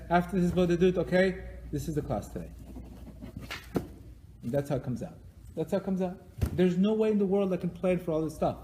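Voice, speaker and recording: In a hall with long reverb, likely a synagogue or classroom, a teacher with a high, somewhat mellow voice runs his weekly religious class. He stresses points forcefully, repeats himself, and performs the prayers he cites.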